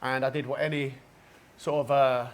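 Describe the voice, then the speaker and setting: A man's voice: medium pitch, level tone, moderate pace. A man with a Cockney accent from East London, a gym owner telling his story in a casual podcast interview, chatty and rambling. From East London, England. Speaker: gym owner and jiu-jitsu black belt guest. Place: basement martial arts gym.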